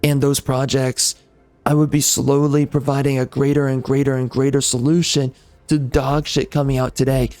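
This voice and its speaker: A man's voice: medium pitch, level tone, moderate pace, a little mellow, no echo, faint music behind. A man who hosts a gaming channel, delivering a bitter, profane rant at his viewers. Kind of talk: angry rant to the audience.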